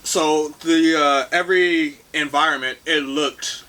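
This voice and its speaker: Bright-voiced blunt young male co-host. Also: on the high side, steady tone, measured pace. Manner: blunt, dry, talks with many "like" fillers. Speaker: movie review podcast co-host. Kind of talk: casual chat.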